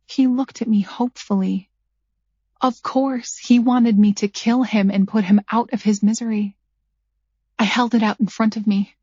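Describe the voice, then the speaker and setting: A woman narrating a first-person thriller audiobook at a measured pace, her character's lines dryly sarcastic. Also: medium pitch, darkish tone, no echo. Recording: dull lo-fi dry recording.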